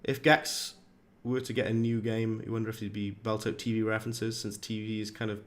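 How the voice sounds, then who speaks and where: A man's voice: on the low side, flat delivery, a little fast. Chatty man streaming a game. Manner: chatty, rambling, reads chat aloud, British slang. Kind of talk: casual live-stream gameplay commentary. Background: game music.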